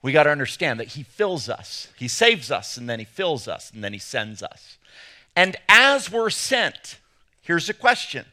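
A man's voice: on the high side, sing-song, unhurried, pushed and bright. A man with an English accent, preaching an enthusiastic sermon with playful asides. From England. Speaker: pastor.

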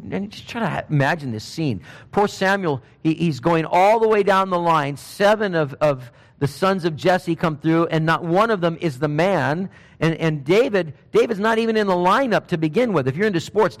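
Preacher with a ringing high voice. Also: male voice, big-room sound. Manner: animated storytelling, acting out Bible figures in casual speech. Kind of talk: sermon.

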